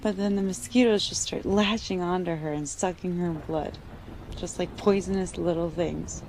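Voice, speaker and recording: A young woman tells a scary story in a low, gravelly voice, loose and chatty, saying "like" often. The recording is noisy, with steady background hiss. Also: normal speed. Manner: casual, uses "like" a lot. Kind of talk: casual spooky storytelling.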